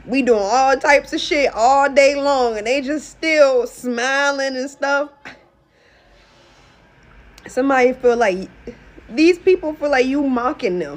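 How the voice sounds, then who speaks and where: Young woman reading tarot casually, high-pitched, salty and animated. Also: measured pace. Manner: blunt, profane, animated. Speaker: tarot reader.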